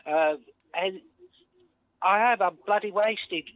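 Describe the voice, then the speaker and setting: A man's voice: sits high, takes it slowly, fairly bright tone, no room sound. A man from Cumbria calling in to a chat show, rambling and joking with the host and laughing often. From Cumbria, northern England. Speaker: phone-in caller. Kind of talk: casual phone chat. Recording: tinny phone line.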